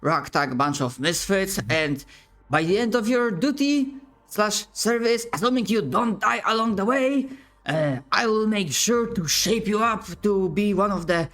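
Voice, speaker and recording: A man voicing a gruff, muscular male drill colonel who barks orders at his new recruits. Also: high-pitched, a bit bright, pitched above the performer's own voice, exaggerated voice. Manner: barking, domineering.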